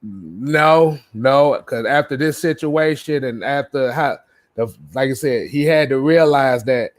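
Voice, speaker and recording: A man hosting a casual livestream, reading out viewer comments in a relaxed way, often laughing and repeating himself. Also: mid-range voice, measured pace. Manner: laid-back, laughs often, repeats words. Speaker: livestream host.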